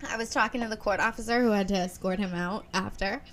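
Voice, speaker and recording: Animated young woman telling stories. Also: medium pitch, fast talker. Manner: animated storyteller, acts out quotes, swears, laughs often. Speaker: podcast co-host. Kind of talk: casual chat, storytelling.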